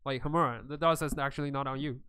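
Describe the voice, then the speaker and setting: A man runs a tabletop game as game master, narrating casually with lots of hesitations and filler. His mid-range voice is smooth yet sharp, with fairly even intonation, and he talks fast.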